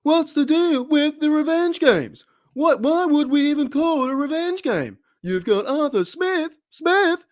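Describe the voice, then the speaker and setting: A man's voice: very high voice, lively intonation, measured pace, few pauses, pitched above the performer's own voice. A man with an Australian accent doing an impression of a whiny male stand-up comic, firing off indignant rhetorical questions. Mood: ranting.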